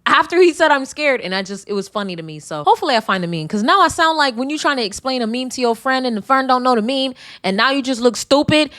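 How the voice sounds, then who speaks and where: A young woman hosting her own podcast in a casual, blunt and profane way, animated when she tells stories. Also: medium pitch, no room sound, studio quality. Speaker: podcast host. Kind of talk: casual solo podcast talk.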